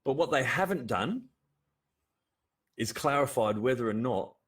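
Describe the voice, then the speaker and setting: Australian man, livestream host, blunt and animated, very expressive pitch, slightly distant mic. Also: a little slow. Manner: animated and blunt, swears freely, laughs often. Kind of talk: casual livestream chat.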